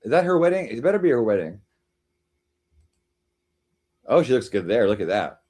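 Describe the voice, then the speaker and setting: Rambling, teasing male streamer with lively pitch. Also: normal speed. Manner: rambling, teasing, jumps between jokes and chat replies. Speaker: live stream host. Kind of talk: casual live-stream chat reading comments.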